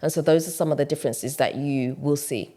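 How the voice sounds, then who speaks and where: Lower-voiced woman explaining in a casual vlog. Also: fairly even intonation, fairly quick, warm tone. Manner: conversational, explanatory, frequent "like, you know". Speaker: vlogger and channel host. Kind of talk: casual opinion commentary to camera.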